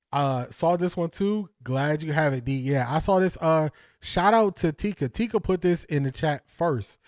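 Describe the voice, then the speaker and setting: A male livestream host giving casual, slangy sports commentary to his chat, animated and often laughing. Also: a little high, moderate pace, no echo, clean studio sound.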